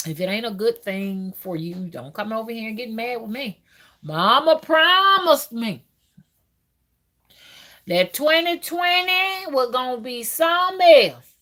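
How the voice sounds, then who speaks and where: Woman, loose and chatty spiritual stream host, mid-pitched, lots of fillers. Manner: loose and chatty, reads out viewer comments, frequent fillers. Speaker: spiritual reader hosting a live stream. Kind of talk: casual live-stream chat.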